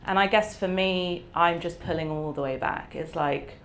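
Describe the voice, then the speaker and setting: Woman author, low voice, candid and reflective, faint background hum. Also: normal speed. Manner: warm, reflective, laughs often, lots of fillers. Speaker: author guest. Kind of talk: candid conversational interview.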